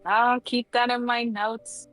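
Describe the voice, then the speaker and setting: A woman's voice: a little high, level tone, takes it slowly, a bit bright, faint music behind, rough recording. A woman guest on a casual livestream chat who rambles with lots of filler words and swears casually. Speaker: guest streamer.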